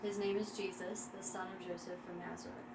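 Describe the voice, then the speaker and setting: A woman reads a scripture passage aloud to her study group in a steady, even voice. The room sounds echoey, and noise hums behind her. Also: on the low side, a little fast, gravelly. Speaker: Bible study participant reading scripture aloud. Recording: roomy, noisy room recording.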